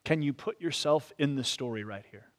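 A man preaching an expository sermon in a church. He talks reflectively and often softens his points with "sort of.". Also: mid-range voice, moderate pace. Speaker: pastor.

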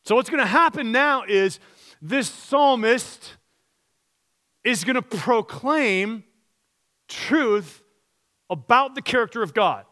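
A man's voice: very high-pitched, animated, slow pace, pauses often, bright, forceful tone. A man pastor preaching a sermon, earnest and direct, asking the congregation rhetorical questions and reading scripture aloud.

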